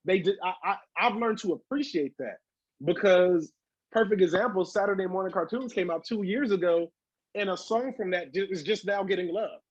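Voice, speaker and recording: A man who is a hip hop artist, talking as a podcast guest in a loose, animated way, swearing freely and acting out quoted voices. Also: sits high, normal speed, dry recording, highs cut off. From Southern California. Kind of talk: casual podcast interview.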